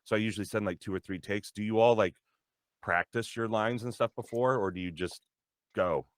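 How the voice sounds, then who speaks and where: A man who works as a voice actor talks loosely about his work, rambling, restarting his sentences and laughing at his own stories. His voice sits on the low side and sounds dry, as if it is close to the mic. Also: brisk, no echo. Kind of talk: casual chat.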